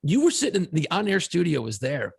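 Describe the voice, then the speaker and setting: Middle-aged man, podcast co-host, profane storyteller, husky gravelly voice, lively pitch. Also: fast. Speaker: podcast co-host, former radio DJ. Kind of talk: casual chat.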